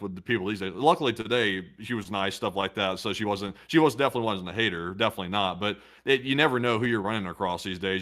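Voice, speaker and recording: A man's voice: fairly low pitch, sharp tone. A man co-hosting a news commentary show, chatting casually and reading viewer messages, hesitant and self-correcting. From United States.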